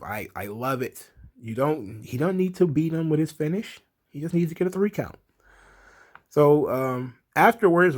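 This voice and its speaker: A man casually recapping a wrestling show, rambling and exasperated, with lots of fillers. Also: on the high side. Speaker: wrestling commentary vlogger.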